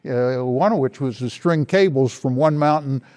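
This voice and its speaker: An older man slowly and reflectively telling stories of his past in an oral history interview. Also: medium pitch, darkish tone. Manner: slow, reflective storytelling. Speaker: interviewee, veteran.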